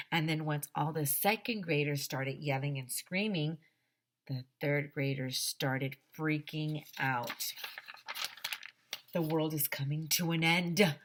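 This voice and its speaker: A woman teacher reading a children's chapter book aloud to her class, expressive and gently dramatic. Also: sits low.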